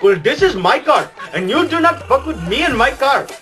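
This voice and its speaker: A man's voice: extremely high pitch, very animated, moderate pace, bright, forceful tone, faint music behind, voice pushed up, exaggerated voice. A man doing a hot-headed little guy, thick Arabic accent. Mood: defiant. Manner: defiant, swearing, threatening. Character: hot-headed little male car owner, belligerent.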